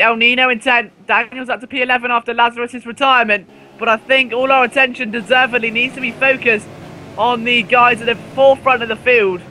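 A man commentating a live sim race, excitable and rising to near shouts at overtakes, his voice going hoarse. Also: very high voice, a little hiss or hum.

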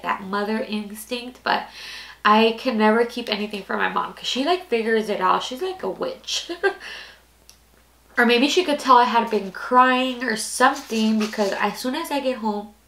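A woman's voice: fairly high pitch, moderate pace, fairly bright tone. A woman in her twenties telling a personal story casually, rambling and candid, with lots of "like" fillers. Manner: candid, rambling, heavy use of "like". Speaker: storytime vlogger. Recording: echoey room.

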